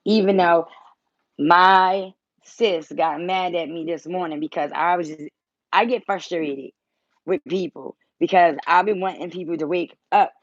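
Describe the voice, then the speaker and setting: A woman's voice: lowish voice, steady tone, measured pace, no echo, highs cut off. Blunt woman chatting on a home livestream. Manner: blunt, teasing, swears freely. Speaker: tarot reader and channel host. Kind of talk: casual livestream chat.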